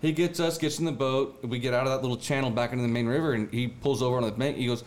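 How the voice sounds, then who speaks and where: A young man tells a fishing story in a relaxed, slangy way, getting animated as he acts out the voices of the people in it. A faint hum of noise sits behind his voice. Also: mid-range voice, very fast. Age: young adult. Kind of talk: casual chat.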